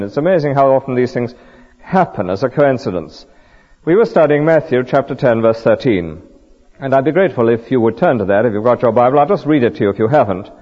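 A man's voice: medium pitch, long reverb tail, highs cut off. A man preaching a sermon, earnest and full of rhetorical questions and vivid stories.

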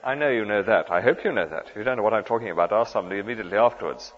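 A man's voice: fairly low pitch, rapid-fire. A man preaching a sermon in an earnest, emphatic way, asking the listeners questions. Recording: dull sound with long hall reverb.

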